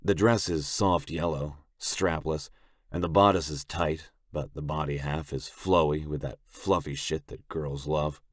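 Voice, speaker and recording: A man reading a first-person audiobook narration in a gruff, blunt, brooding manner, close on the mic. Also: extremely low pitch, fairly even intonation, measured pace, no room sound.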